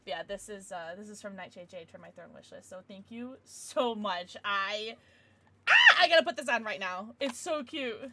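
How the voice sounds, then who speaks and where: A woman's voice: mid-range voice, animated, normal speed, noisy background. A young woman streaming casually from home, gushing over gifts and baby-talking to her dogs between chats with viewers. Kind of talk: casual livestream chat.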